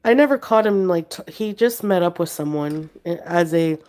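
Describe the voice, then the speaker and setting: A woman's voice: fairly low pitch, lively intonation, moderate pace, a little mellow, smooth. A woman with a sick voice chatting on a livestream, rambling between reading out chat comments and talking to her pet.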